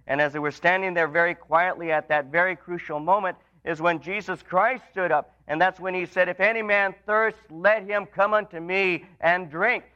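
A man preaches a sermon in a bright, forceful voice that sits a little high for a man. He climbs in pitch and volume to press a point, then drops low and quiet when he quotes. The recording sounds dull and lo-fi. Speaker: pastor.

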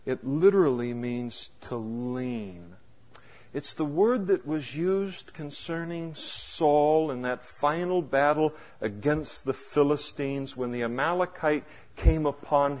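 Male pastor, high voice, preaching, dramatic shifts from quiet to loud, wry humor. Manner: swings from hushed low asides to loud emphatic exclamations; acts out wry humorous asides with laughter. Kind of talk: sermon.

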